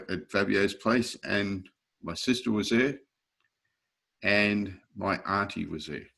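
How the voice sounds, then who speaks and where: A man, a guest telling stories in an interview, acting out other people's voices and laughing often. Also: deep voice. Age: 60s. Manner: lively anecdotes, acting out quoted voices, frequent chuckles. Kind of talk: storytelling in a casual interview.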